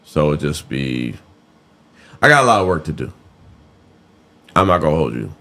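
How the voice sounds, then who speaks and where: A man's voice: rumbling low, sing-song, moderate pace, pushed and bright. A man co-hosting a podcast, chatting casually and candidly in a laid-back, drawling way. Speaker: podcast co-host. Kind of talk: casual chat.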